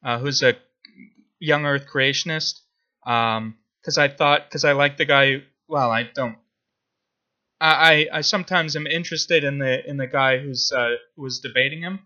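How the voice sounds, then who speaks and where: A man's voice: medium pitch, fairly even intonation, moderate pace, bright, forceful tone, lo-fi sound. A man co-hosting a podcast in casual chat, hesitant, with many fillers and restarts. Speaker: podcast co-host.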